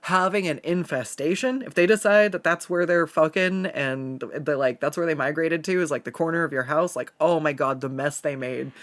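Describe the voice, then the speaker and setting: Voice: mid-range voice, normal speed, fairly bright tone. A streamer from the Pacific Northwest chatting casually while drawing and reading chat aloud, swearing freely and laughing often.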